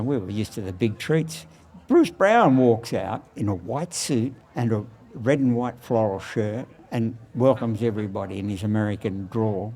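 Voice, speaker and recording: An Australian man of eighty telling lively stories as a guest, recorded outside a surfboard factory. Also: medium pitch. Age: 80s. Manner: animated storyteller, laughs often. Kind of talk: storytelling interview.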